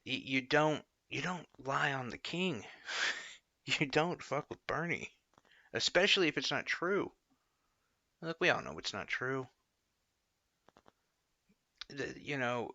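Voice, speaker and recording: A man's voice: medium pitch, unhurried, long pauses, bright, forceful tone, no echo, highs cut off. A man hosting a casual political commentary show, opinionated and rambling, full of fillers and short laughs.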